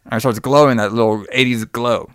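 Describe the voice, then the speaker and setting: Talking fast, a medium-pitched man on a podcast runs through a film's plot in a loose, profane retelling, animatedly voicing the characters' lines. The studio sound is clean with no room noise.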